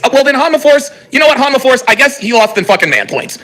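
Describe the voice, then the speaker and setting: A man's voice: very high-pitched, fast. A man hosting a live reaction stream, commenting heatedly and profanely while reading viewer chat aloud. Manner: animated, exasperated, profane, reads chat aloud.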